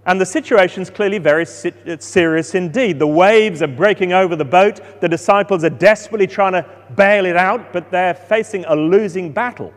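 A man preaching a sermon, expressive, rising for drama and dropping soft for calm moments. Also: sits high, normal speed, few pauses, long reverb tail.

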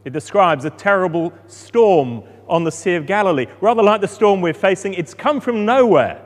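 A man preaching a sermon, his fairly high voice swinging up and down with lively feeling. The sound carries the long reverb of a large hall. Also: moderate pace. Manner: expressive, rising for drama and dropping soft for calm.

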